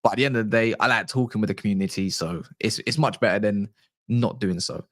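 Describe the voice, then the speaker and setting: A man's voice: lowish voice, quick pace, a bit bright, no echo. Rambling sweary man, dry sound. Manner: rambling, sweary and teasing, with many fillers. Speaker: football channel host. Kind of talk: casual livestream chat.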